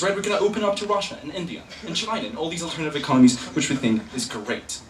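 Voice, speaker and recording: A young man giving a competitive debate speech in a hall, quick and sarcastic, drawing laughs from the room. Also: fairly high pitch, a bit bright. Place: lecture hall. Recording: echoey hall, distant mic, faint room noise.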